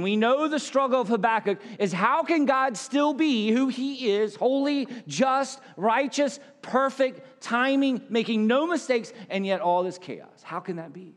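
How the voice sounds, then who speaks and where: Male pastor, high voice, casual sermon delivery with asides, reverberant church hall. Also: measured pace, few pauses. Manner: conversational preaching with asides.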